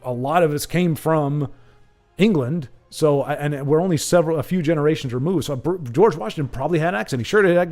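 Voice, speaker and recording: Male stream host, slightly high voice, rambling and jokey, faint music behind. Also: fairly quick, a little mellow. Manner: rambling, joking, self-correcting. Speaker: livestream host. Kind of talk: casual chat with viewers.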